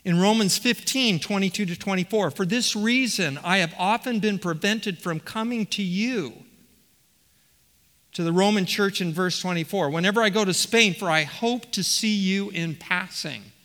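A man's voice: high-pitched, moderate pace, a bit bright. A man preaching an expository sermon, stressing words by repeating them and putting questions to the congregation. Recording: long reverb of a large hall.

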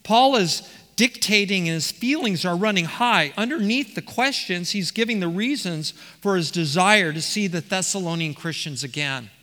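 Guy preaching in a big echoey hall, high bright voice, keeps restarting his sentences. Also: animated, normal speed. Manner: teaching verse by verse, reading quotes aloud, with repeated restarts. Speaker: pastor. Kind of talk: expository sermon. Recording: reverberant hall.

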